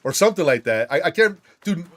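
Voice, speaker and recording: A man's voice: fairly high pitch, fast. A man hosting a gaming channel, chatting casually and swearing while he plays and tells stories. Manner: animated, swearing storyteller. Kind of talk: casual commentary while playing a game.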